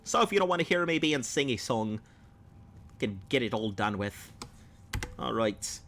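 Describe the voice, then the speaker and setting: A man's voice: medium pitch, big pitch swings, normal speed, fairly bright tone, a little hiss or hum. A man streaming a game and chatting with viewers in a put-on Australian accent, rambling and playful. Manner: rambling, playful, talks to chat. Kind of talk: gameplay livestream chat.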